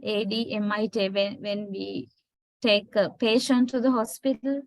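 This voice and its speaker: A woman's voice: mid-range voice, fairly even intonation, measured pace, no room sound. A woman teaching English pronunciation in a lecture, patiently spelling out words and often checking in with her students. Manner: patient, checks understanding with "right?". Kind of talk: slow classroom lecture.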